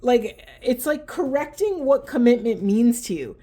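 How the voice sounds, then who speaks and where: A woman's voice: on the high side, expressive, a little slow, mellow. A woman giving a spiritual oracle card reading to camera, earnest and urging, often addressing her listeners directly. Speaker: spiritual tarot reader.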